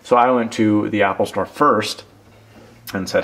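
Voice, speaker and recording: A man's voice: on the low side, fairly even intonation, moderate pace, fairly bright tone. A young man talking casually through a product review, telling a rambling self-deprecating story while handling a phone case. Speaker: tech reviewer.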